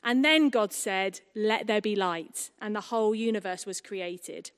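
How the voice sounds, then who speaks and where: A woman preaching a sermon at a baptism service, conversational and lively, with humorous asides to the congregation. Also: medium pitch, unhurried, smooth. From England. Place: church hall. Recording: long hall reverb.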